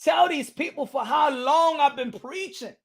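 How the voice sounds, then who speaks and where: A man with a very high voice hosts a boxing live stream, excitable and profane. He swings from shouted outbursts to low muttering and drops in Spanish words. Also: unhurried, creaky. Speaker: boxing channel host.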